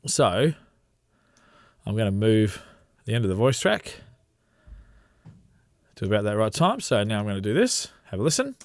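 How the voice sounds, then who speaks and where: A man walking through a software tutorial as a radio trainer, explaining step by step in a relaxed way with frequent ums. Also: fairly low pitch, normal speed, long pauses, background noise.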